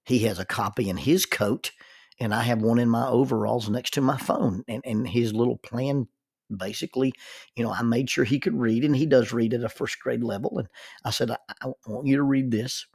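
An older man, a grandfather, telling a reflective story with halting starts and repeated words. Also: mid-range voice, gravelly, a little mellow, husky. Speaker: grandfather telling life-lesson stories.

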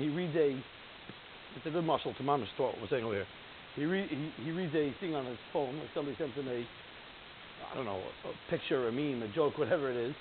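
Animated man teaching over a phone line. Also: on the high side. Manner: animated, acts out quoted voices, laughs often. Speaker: Torah class teacher. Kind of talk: informal Torah class to a live group. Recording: tinny phone-line sound with faint hiss.

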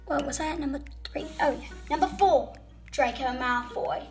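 With music in the background, a child in a fan role-play video plays a boastful, scatterbrained female witch villain. Her high voice moves at a moderate pace and sounds gleeful.

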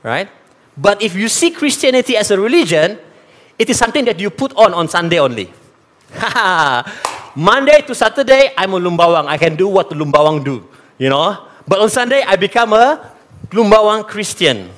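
A man's voice: sits high, normal speed. A man from East Malaysia with a Malaysian accent, preaching a sermon and talking straight to the congregation. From East Malaysia (Sarawak). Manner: animated, talks straight to the congregation, mixes in Malay phrases.

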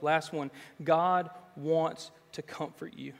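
A pastor preaching a sermon in earnest, swelling to loud, emphatic passages. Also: male voice, fairly high pitch, flat delivery, moderate pace, few pauses. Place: church sanctuary. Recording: long reverb in a large hall.

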